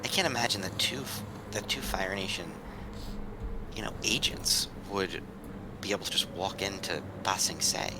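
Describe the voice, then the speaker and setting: A man's voice: deep voice, moderate pace, noisy background. A man playing in a tabletop game, arguing earnestly in character and hedging often. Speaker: player.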